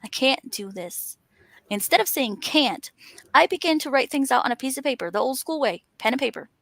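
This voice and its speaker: A woman's voice: sits high, animated, a little fast, gravelly, fairly bright tone, no room sound. A woman talking in an earnest, encouraging way, stacking up emphatic lists. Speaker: author and panel host. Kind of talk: motivational casual chat.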